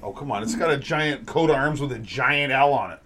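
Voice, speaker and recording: A man's voice: mid-range voice, fairly quick, fairly bright tone, a little hiss or hum. A man co-hosting a casual beer-tasting chat, playfully arguing and hamming up pronunciations. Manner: playful, argumentative, mock pronunciations. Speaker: podcast co-host.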